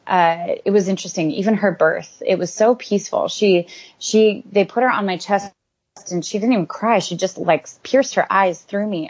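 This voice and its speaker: A woman's voice: medium pitch, darkish tone. A woman, a guest author, sharing an earnest and rambling personal faith story in an interview, with many fillers. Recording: dull lo-fi recording.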